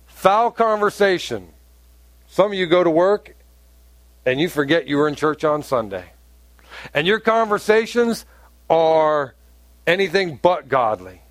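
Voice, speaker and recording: A man preaching a sermon as pastor, animated and rising to emphatic peaks. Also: a little high, a little slow, pauses often, no room sound.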